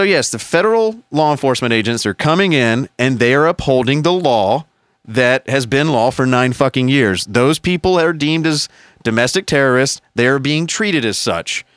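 A man's voice: medium pitch, a bit bright, clear, resonant tone, dry recording, studio quality. A man co-hosting a podcast, ranting heatedly with profanity and sarcastic put-on quotes. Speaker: podcast co-host. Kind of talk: casual podcast rant.

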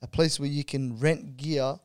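A young Australian man telling a story in casual chat, animated and slangy. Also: mid-range voice, a little slow, smooth. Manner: animated storyteller, slangy, says "bro" a lot.

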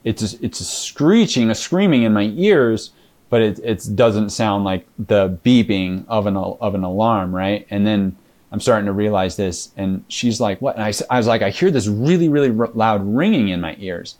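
Male interview guest, low voice, halting storyteller, full of fillers and restarts, acts out dialogue. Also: a little mellow.

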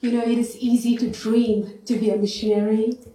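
A woman's voice: a little high, level tone, moderate pace, mellow, slight background noise. A woman from India with an Indian accent, sharing an earnest, lightly self-joking testimony from a church pulpit. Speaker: guest speaker. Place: church sanctuary. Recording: echoey church hall.

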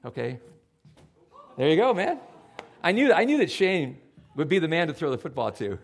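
A man's voice: a little high, moderate pace, creaky. Conversational man preaching a sermon. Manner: conversational, animated, acts out his own inner voice. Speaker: pastor.

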